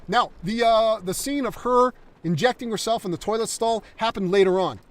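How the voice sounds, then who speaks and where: A man's voice: high-pitched, moderate pace, recorded from a distance. A concept artist talking through his draft script on a livestream, enthusiastic and rambling with fillers.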